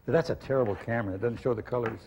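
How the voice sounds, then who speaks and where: A man hosting a comic cooking show as the chef, fussing over the dish and repeating "all right" in a gruff way. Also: mid-range voice, rapid-fire, dull audio. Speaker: TV chef host. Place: television studio kitchen. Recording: noisy studio with crowd.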